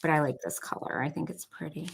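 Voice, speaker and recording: Young woman, Buffalo New York accent, low voice, gravelly fry, chatty craft tutorial, lots of filler likes. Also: steady tone, quick pace, rough recording. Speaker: craft vlogger. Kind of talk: casual crafting tutorial chat.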